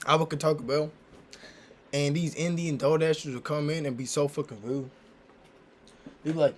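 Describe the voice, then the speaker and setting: A man's voice: a little high, steady tone, normal speed, pauses often, a little hiss or hum. Slangy man riffing on a reaction video. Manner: emphatic, slangy, profane. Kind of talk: casual commentary.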